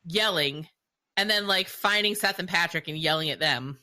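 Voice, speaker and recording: A woman co-hosting a podcast, joking loudly and swearing freely in casual chat. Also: lowish voice, normal speed. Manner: profane, loud, joking. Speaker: podcast co-host.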